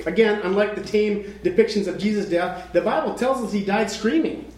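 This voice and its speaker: A male preacher with a high voice delivers a dramatic sermon. He sinks to a hush and then climbs toward a shout. The sound carries the echo of a roomy hall. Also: fairly quick. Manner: dramatic, swings from hushed to shouting.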